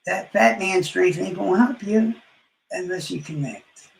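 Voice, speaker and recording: A man's voice: high voice, a little slow, creaky, roomy sound, rough recording. A man trash-talking rivals on a live stream, boastful and profane, his words often trailing off into mumbles. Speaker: livestreamer.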